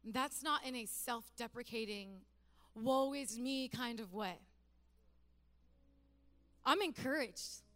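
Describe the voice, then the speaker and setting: A woman delivering a church sermon in a chatty, joking way, her voice sitting a little high. She builds to emphatic, repeating phrases as she drives her points home. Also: a little slow, fairly bright tone. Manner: conversational, humorous preaching. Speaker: pastor.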